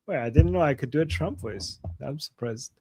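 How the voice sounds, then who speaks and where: A man's voice: medium pitch, expressive, a little fast, a little mellow, breathy edge, dry recording. A man co-hosting a casual livestream, giving blunt political opinions with frequent restarts. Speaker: political commentary co-host.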